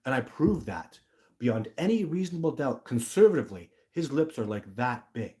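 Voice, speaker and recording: A man from Canada hosts a live stream and answers viewer comments as they come in. He talks freely in a blunt, emphatic way, and his voice sits at a middle pitch for a man. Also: sing-song, normal speed, mellow. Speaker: livestream host.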